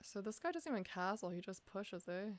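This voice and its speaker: Very animated and a little fast, with a medium-pitched voice, a woman chess streamer works through her games aloud. She keeps asking herself questions and makes self-deprecating jokes about her slip-ups.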